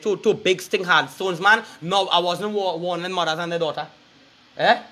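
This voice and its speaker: Trinidadian man, raw profane rant, high sharp tone. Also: normal speed. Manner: angry, cursing, threatening. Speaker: online commentator.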